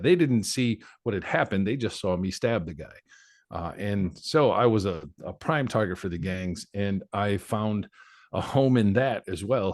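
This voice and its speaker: A man's voice: on the low side, darkish tone, no echo, studio quality. A man in his forties, a podcast guest telling his life story in a candid, reflective way. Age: 40s. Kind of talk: personal life story in conversation.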